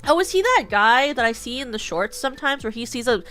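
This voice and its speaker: A woman's voice: fairly high pitch, lively intonation, a little fast, a bit bright, soft background music. A young woman with a West Coast American accent, chatting casually on her stream in a rambling way, full of fillers and restarts. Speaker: VTuber streamer. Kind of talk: casual chat.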